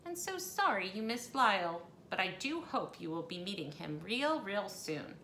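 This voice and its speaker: A woman doing a gentle, soothing motherly lady. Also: mid-range voice, sing-song, normal speed, slight background noise. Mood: gracious. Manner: soothing, reassuring. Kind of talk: storybook read-aloud. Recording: echoey room.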